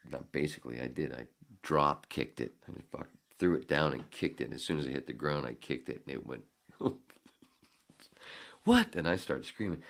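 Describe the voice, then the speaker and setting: A man hosting a podcast, telling a story casually with lots of swearing and acting out his own shouting. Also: very deep voice. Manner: profane, animated, acts out his own shouting. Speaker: podcast host.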